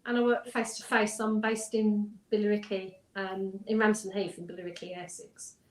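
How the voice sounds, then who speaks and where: A woman's voice: mid-range voice, level tone, moderate pace, a little mellow. A woman, a hypnotherapist, chatting casually in an interview and telling client stories with frequent ums and restarts. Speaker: hypnotherapist guest. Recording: roomy echo.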